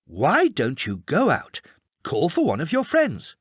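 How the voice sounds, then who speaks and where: A man's voice: fairly high pitch, huge pitch swings, unhurried, slightly rough, no room sound, clean studio sound, full character voice. A man voicing an exasperated mother who nags her son to go outside. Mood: coaxing. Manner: coaxing, exasperated.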